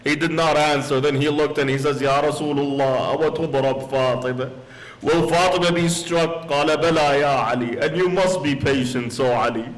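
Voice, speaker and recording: A man's voice: fairly high pitch, fairly even intonation, fairly quick, hardly any pauses, poor audio. A man preaching as a sheikh in a mosque, telling a solemn story and slipping into quoted Arabic phrases. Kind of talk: sermon.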